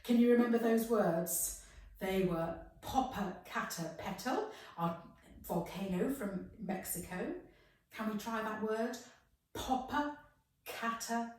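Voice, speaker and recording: A woman leading a children's singing warm-up, speaking in an encouraging, sing-song way and acting out animal sounds. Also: medium pitch, slow, recorded from a distance. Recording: very echoey room, voice off-mic.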